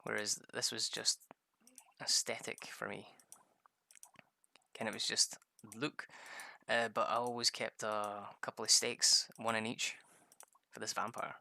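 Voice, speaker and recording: A man's voice: on the low side, little pitch movement, measured pace, creaky, long pauses, pushed and bright. A man chatting casually over gameplay, telling rambling stories full of swearing. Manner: rambling, profane storytelling. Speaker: gamer.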